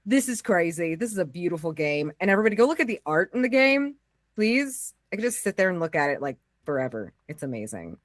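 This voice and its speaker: An American woman talks in a loose, gushing way, heaping praise on her fellow players with plenty of "like" and restarts. Her voice sits at an ordinary pitch, and the sound is dry and close, with no room around it. It has the feel of a friendly chat after a game. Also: big pitch swings, quick pace, no room sound. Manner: effusive, gushing praise with frequent "like". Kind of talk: casual post-game chat.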